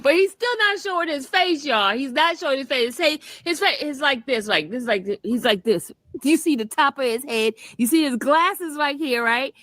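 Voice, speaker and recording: A woman's voice: high-pitched, animated, moderate pace, few pauses, a bit bright, no echo. A woman trial vlogger casually telling a story to her viewers, chatty and often laughing, calling them y'all.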